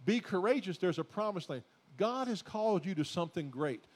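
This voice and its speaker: A pastor preaches to his congregation in a fairly high voice. He speaks folksily, calling them folks, and he repeats his points until they swell into loud, emphatic declarations. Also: lively intonation, fairly quick. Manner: exhorting, repetitive, builds to loud emphatic declarations. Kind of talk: sermon.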